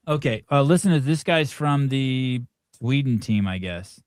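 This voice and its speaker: A man hosting a casual podcast, relaxed and bemused as he moves the talk along. His voice sits in a middle register. The sound is dry and close. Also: mid-range voice, a little slow, clear, resonant tone, dry recording. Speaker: podcast host. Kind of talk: casual chat.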